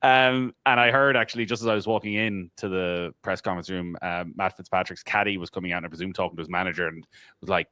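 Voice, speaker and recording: A man's voice: deep voice, steady tone, fast, pushed and bright, dry recording. A man on a golf podcast panel chatting casually and telling stories from the course. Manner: chatty storyteller, mimics crowd voices.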